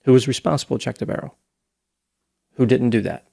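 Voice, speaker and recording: A man's voice: medium pitch, fairly quick, vocal fry, dark tone, slightly rough. A man hosting a casual true-crime discussion, telling a case story at length. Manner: storytelling, recounting details at length. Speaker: podcast host.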